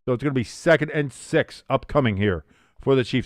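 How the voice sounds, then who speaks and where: A young man hosts a watch-along stream, casually calling plays and reading viewer comments in between, his energy leaping sharply when something big happens. His medium-pitched voice moves a little fast, with studio-quality sound and no room echo.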